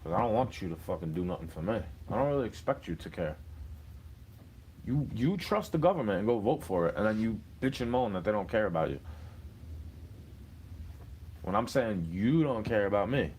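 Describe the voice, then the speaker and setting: Young man ranting solo, confrontational and swearing, low register, slight noise behind. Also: animated, a little fast, pauses often, darkish tone. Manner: angry, profane, confrontational ranting. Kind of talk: ranting monologue.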